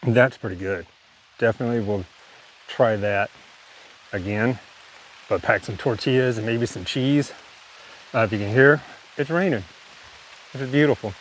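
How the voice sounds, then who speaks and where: A man's voice: mid-range voice, moderate pace, long pauses, a little hiss or hum. A man vlogging on a hike outdoors, chatting casually while he shows off his gear. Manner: relaxed, chatty, demonstrating gear. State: breathing hard. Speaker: hiking vlogger. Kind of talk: casual outdoor vlog narration. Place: outdoors by a lake in the woods.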